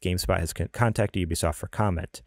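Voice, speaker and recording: A man's voice: low-pitched, fairly even intonation, fast talker, creaky, no echo, studio quality. A man hosting a casual gaming podcast, chatty and rambling, often laughing. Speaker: podcast host.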